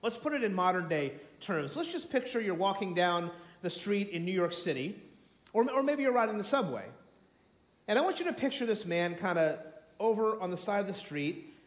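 Male pastor, high voice, theatrical storyteller, echoey sanctuary sound. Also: very animated, moderate pace. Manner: dramatic storytelling, acts out voices, swings from shouts to near whispers. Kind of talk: sermon. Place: church sanctuary. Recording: echoey church room.

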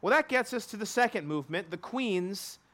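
High-voiced man preaching a sermon. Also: lively intonation, normal speed, sharp tone. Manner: expository preaching with repeated key lines and acted quotes. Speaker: pastor.

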